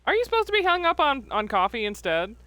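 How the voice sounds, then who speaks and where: A woman's voice: sits high, sing-song, quick pace, a bit bright, no room sound. A woman streaming live who chats casually, laughs often and reads viewers' messages aloud. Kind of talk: casual livestream chat.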